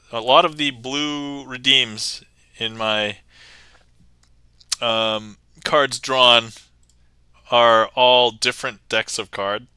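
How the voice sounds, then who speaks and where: A man's voice: mid-range voice, sharp tone, clean tone, dry recording. A man hosting a live stream, chatting casually while he performs card tricks. He is playful, laughs often and reads viewer comments aloud. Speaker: magic livestreamer.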